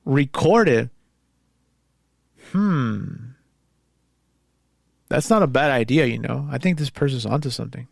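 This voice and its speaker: A man's voice: mid-range voice, expressive, measured pace, creaky, pauses often, no room sound, studio quality. A man hosting a casual solo show, reading posts aloud and commenting on them in a rambling, conversational way. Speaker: podcast host.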